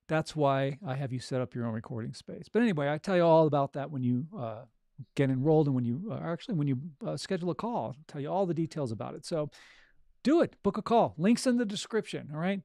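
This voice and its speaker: A man's voice: fairly high pitch, creaky, darkish tone, no room sound, clean studio sound. A man coaching audiobook narrators in a casual, upbeat chat, full of fillers like "you know". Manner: conversational, upbeat, with frequent fillers.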